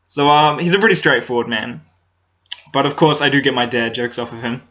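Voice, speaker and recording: Young aussie guy rambling to his laptop cam, lots of ums, bright tense voice, muffled lo-fi sound. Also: medium pitch, a little fast. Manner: hesitant, many ums and restarts. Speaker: comedy vlogger. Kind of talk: casual talk to camera. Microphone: laptop built-in mic. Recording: dull lo-fi laptop mic.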